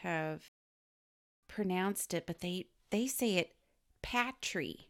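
A woman co-hosting a film podcast in casual chat, laughing often and chiming in with quick remarks. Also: fairly low pitch. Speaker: podcast co-host.

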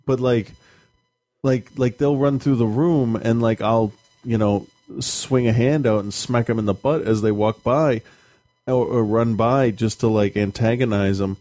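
A man's voice: medium pitch, fairly even intonation, measured pace, mellow, no echo. A man in his thirties talking casually as a podcast co-host and father, blunt and swearing, laughing at himself. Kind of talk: casual chat.

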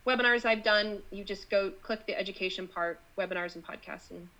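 A woman doctor, a guest on a podcast over a call, who talks in an animated way and often restarts her sentences. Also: medium pitch, brisk, rough recording. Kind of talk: casual interview chat.

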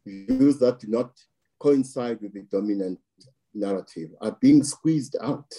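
A man speaks in a very dark, mellow voice with a slightly husky edge. He talks at a slow, deliberate pace, piling up phrases for emphasis as he gives political commentary. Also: mid-range voice.

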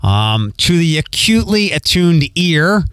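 Higher-voiced podcast host, light Philly accent. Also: male voice, very animated, unhurried, fairly bright tone, clean tone, dry recording. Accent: light Philadelphia. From Philadelphia. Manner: rambling, with frequent ums and repeats. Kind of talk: casual podcast monologue.

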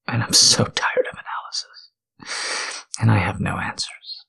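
A man in a whispered role-play, talking in a halting, tender, confessional way with a breathy, gravelly whisper. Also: lowish voice, steady tone, sharp tone. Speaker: podcast host.

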